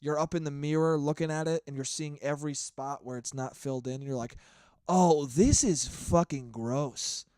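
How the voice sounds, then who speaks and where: With a fairly high pitch and a quick pace, he barely pauses while ranting solo on his podcast. The man, in his twenties, is animated, profane, and rambling in this casual monologue, and the studio-quality recording is clean-toned with no echo.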